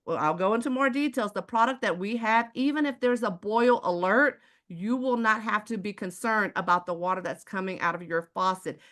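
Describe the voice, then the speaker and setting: A woman's voice: medium pitch, a bit bright. A woman with a Texan accent delivers a sales presentation to viewers in a live chat. She talks in a preachy way and keeps asking the audience rhetorical questions. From Houston, Texas. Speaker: water filter seller.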